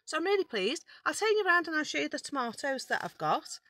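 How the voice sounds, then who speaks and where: A woman's voice: sits high, very animated, fast, pushed and bright, no room sound. A woman giving a casual, chatty walk-around garden tour, explaining her methods step by step and a bit out of breath. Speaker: gardening vlogger. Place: outdoor garden and polytunnel.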